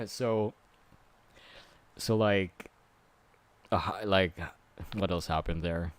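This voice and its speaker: A man's voice: low-pitched, extremely slow. A man streaming a casual movie recap, rambling with many fillers and growing exasperated.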